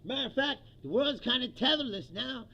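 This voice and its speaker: A man's voice: extremely high pitch, lively intonation, a little fast, pushed and bright, lo-fi sound. A man hosting a livestream, ranting about politics in a profane, mocking way, laughing often and mimicking quotes in a put-on voice. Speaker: livestream host.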